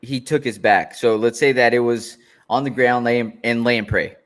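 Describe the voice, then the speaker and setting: A man co-hosting a casual podcast about fights, measured and asking follow-up questions. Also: medium pitch, fairly even intonation. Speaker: podcast co-host.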